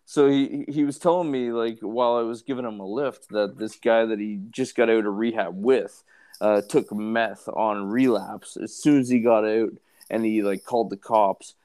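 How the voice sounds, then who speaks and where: A man, drunk and high, telling a story in a laid-back, swearing way in casual podcast chat. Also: fairly even intonation, normal speed, warm tone, clean tone. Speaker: podcast co-host.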